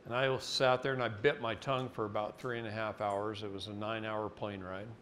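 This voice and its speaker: A middle-aged man from Oregon giving a live seminar talk, telling stories in a folksy, animated way. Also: fairly low pitch, brisk, a little hiss or hum. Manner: folksy, animated, mocking voices in anecdotes. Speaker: seminar speaker. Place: seminar room.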